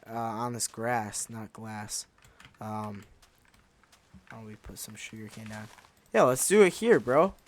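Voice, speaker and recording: Slow, rambling young man gaming. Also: fairly low pitch. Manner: rambling and unhurried, with many fillers. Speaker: gaming channel host. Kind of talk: casual gameplay commentary.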